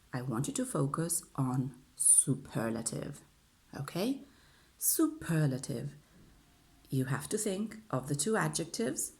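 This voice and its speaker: A woman with an Italian accent gives an online English lesson in a low, animated voice. She speaks slowly, drills each rule aloud over and over and keeps checking in with "okay?". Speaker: English teacher.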